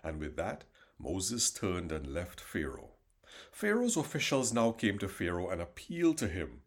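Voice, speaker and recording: A man's voice: low voice, big pitch swings, a little slow, husky. A man reading a Bible passage aloud with dramatic, emphatic narration. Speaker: Bible reader. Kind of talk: expressive scripture reading.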